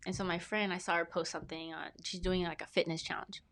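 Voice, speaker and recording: A woman in her thirties speaking with a somewhat low voice. She talks as a podcast guest, earnest and rambling, and she often circles back and restarts her sentences. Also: little pitch movement, fast, a bit bright. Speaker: podcast guest, brand specialist. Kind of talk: casual interview storytelling.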